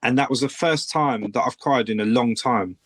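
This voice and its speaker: A man's voice: medium pitch, normal speed, a little hiss or hum. Earnest young man on a podcast. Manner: earnest, opens up about feelings. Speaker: podcast co-host. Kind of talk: casual chat. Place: home room.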